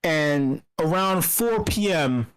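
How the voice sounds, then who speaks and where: A woman talking in a casual livestream, telling a story in a profane, excitable way, her pitch jumping when she gets worked up. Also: slow, clean tone.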